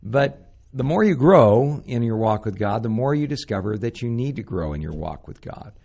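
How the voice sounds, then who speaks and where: A man's voice: lowish voice, expressive, normal speed, vocal fry, darkish tone. An older man, a pastor and show host, teaching the Bible in an earnest, conversational way with stories and frequent fillers. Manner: earnest, anecdotal, frequent "uh" and "you know".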